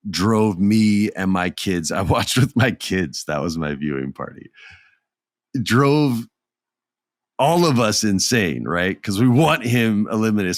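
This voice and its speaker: A middle-aged man with a low voice hosts a podcast, chatting enthusiastically and animatedly about wrestling in casual commentary. The studio-quality recording has no room sound.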